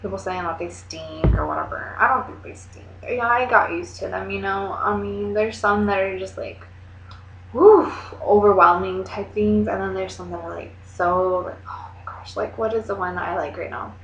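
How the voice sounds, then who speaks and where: A young woman chatting casually to her camera, rambling along with lots of "like" and quick asides. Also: mid-range voice, steady tone, a bit bright, a little hiss or hum. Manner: chatty, rambling, heavy use of "like". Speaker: vlogger. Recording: echoey room, dull lo-fi sound.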